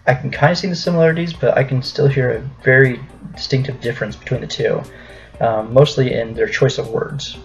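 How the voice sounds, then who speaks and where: Young American male vlogger, halting delivery, gravelly edge, dull lo-fi recording. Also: medium pitch. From United States. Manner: hesitant, many ums and restarts. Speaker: YouTuber host. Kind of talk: casual vlog commentary. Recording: dull lo-fi with faint music.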